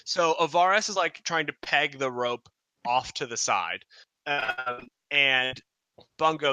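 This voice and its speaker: A man's voice: medium pitch, pushed and bright, slight background noise. A man narrating as dungeon master in a tabletop game, rambling with many fillers and restarts.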